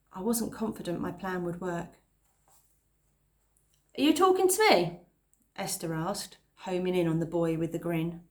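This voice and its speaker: Woman reading a children's novel aloud. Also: lowish voice. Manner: calm, pauses to explain words. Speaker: reader.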